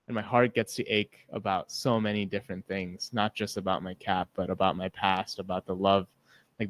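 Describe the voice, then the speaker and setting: A man's voice: low voice, dry recording. A man co-hosting a podcast who talks openly and emotionally in a rambling, casual way, filling his speech with "like" and swearing freely. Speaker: podcast co-host. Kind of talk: casual reflective chat.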